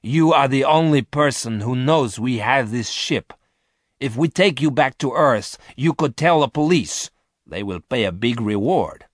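A man's voice: mid-range voice, animated, unhurried, no echo, clean studio sound, voice pushed up. A man voicing a ruthless male space thief who leads his crew, speaking harshly and commandingly in a storybook reading. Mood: threatening.

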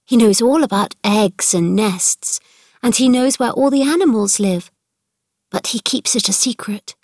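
A woman's voice: fairly high pitch, a little slow, dark tone, no echo, studio quality. A woman reading aloud, voicing an earnest, curious young girl. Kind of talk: read-aloud storybook dialogue.

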